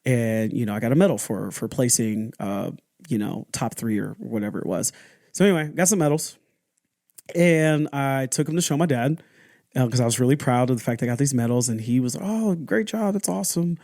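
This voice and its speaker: A man's voice: medium pitch, a little mellow, no echo, clean studio sound. Candid man telling a personal story. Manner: candid and halting, with restarts and acted-out quotes. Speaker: podcast host.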